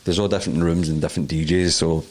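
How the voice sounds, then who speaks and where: A man's voice: sits low, flat delivery, fast, darkish tone. A Scottish man in his thirties, co-hosting a podcast, telling rambling stories in casual chat, laughing as he talks and dropping into put-on voices. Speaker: podcast co-host.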